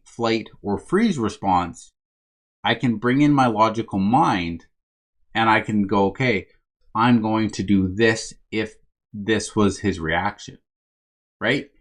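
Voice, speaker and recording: A man giving a motivational self-help talk as a coach for first responders, speaking conversationally, checking in with "right?" and calling his listeners "my friends". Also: fairly low pitch.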